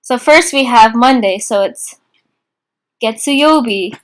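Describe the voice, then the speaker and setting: A young woman teaching a casual beginner class in an informal, chatty way, slowing down to repeat phrases. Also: on the high side, fairly even intonation, fairly bright tone. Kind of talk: casual online lesson.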